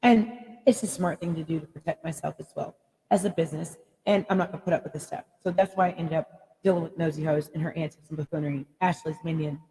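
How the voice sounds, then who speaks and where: A woman's voice: low-pitched, fairly even intonation, quick pace, dark tone, big-room sound, poor audio. A woman life coach giving a live motivational coaching talk, rambling and emphatic, blunt with some mild swearing.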